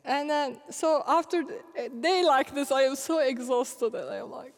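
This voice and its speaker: A middle-aged woman preacher telling animated, laughing stories in a sermon. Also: high-pitched, moderate pace. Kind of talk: storytelling sermon. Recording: long hall reverb.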